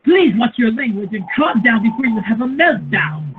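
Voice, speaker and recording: A prim, patient schoolteacher put on by a man who speaks in a calm, scolding classroom tone. The sound is thin and phone-like. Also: very high voice, moderate pace, over loud music, pitched below the performer's own voice. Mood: stern.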